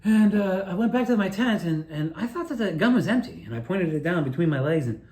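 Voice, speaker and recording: A man telling a rambling personal story, excitable and profane, often restarting his sentences. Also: sits high, a little fast, echoey room. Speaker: video creator telling his own story.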